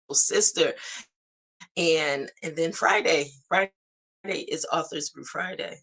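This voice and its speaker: A woman's voice: lowish voice, gravelly, a bit bright. A middle-aged woman hosting a live morning stream, chatty and encouraging, calling her viewers "guys". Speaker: host of a live morning show. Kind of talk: upbeat live-stream sign-off.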